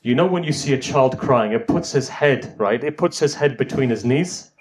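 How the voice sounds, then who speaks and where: A man's voice: medium pitch, lively intonation, moderate pace. A man preaching an emotional mourning sermon in a mosque, often asking the listeners rhetorical questions. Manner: impassioned, emotional recitation.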